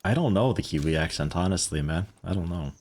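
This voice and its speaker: A man's voice: low-pitched, expressive, fairly quick, darkish tone, slight background noise. A man streaming a game, chatting casually and joking with his viewers in a rambling way. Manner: rambling, joking asides to chat. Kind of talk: casual gameplay commentary.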